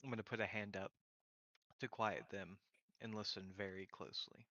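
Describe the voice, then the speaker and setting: A man's voice: fairly low pitch, fairly even intonation, moderate pace, bright, forceful tone, dry recording, highs cut off. A man playing a tabletop game, talking casually and joking with the group. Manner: joking, casual player talk. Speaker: player.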